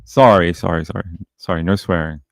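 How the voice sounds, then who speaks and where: Chatty Australian man, low dry voice. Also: fairly quick, gravelly, dry recording. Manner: chatty, reads viewer comments aloud and answers them; blunt and opinionated, with many fillers. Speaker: true crime livestream host. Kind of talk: casual livestream commentary.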